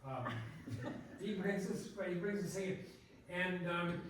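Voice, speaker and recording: A man's voice: high-pitched, lively intonation, a little slow, fairly bright tone, slight background noise. An older man, a botanist giving a public talk, telling rambling stories full of tangents and laughs. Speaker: guest speaker, botanist. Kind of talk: casual storytelling talk. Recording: echoey room, distant mic.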